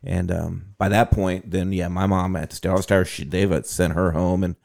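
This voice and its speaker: A man chatting casually on a podcast in a relaxed way, often checking in with "right?". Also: deep voice, moderate pace, gravelly. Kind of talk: casual chat.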